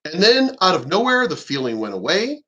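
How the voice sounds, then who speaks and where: Rambling, swearing man, slightly high voice. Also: fairly bright tone. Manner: rambling and emphatic, frequent swearing. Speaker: vlogger. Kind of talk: casual monologue.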